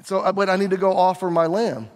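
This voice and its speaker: A man preaching in a church hall, acting out the story in first person with lively, dramatic turns. His voice sits on the higher side for a man, and the long reverb of the room trails each phrase. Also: quick pace. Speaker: pastor. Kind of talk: sermon.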